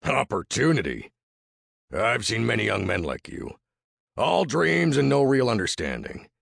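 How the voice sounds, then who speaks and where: A man voicing a gruff, skeptical older frontier trapper with a husky, gravelly voice and a mocking drawl in a storybook narration. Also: medium pitch, wildly swooping pitch, a little slow, fairly bright tone, no echo, clean studio sound, pitched above the performer's own voice, heavily acted.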